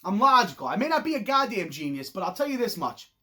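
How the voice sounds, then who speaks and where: A man's voice: high voice, big pitch swings, fast, sharp tone. A man delivering a profane comedic rant with mock outrage. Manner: ranting, swearing, mock indignation. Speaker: comedic ranter.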